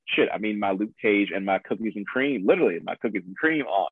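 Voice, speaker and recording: A man's voice: on the low side, normal speed, hardly any pauses, breathy edge, dry recording. A man telling a personal story in casual chat, laughing often, swearing freely and poking fun at himself. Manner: profane, laughing, self-deprecating. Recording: dry tinny phone-like sound.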